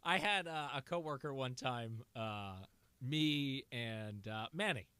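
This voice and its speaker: Man, sports radio co-host, bright crisp voice, dry close studio mic, laid-back banter. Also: mid-range voice, animated, takes it slowly, no echo. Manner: laid-back, chuckling, easy storyteller. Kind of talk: casual sports talk chat. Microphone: studio microphone.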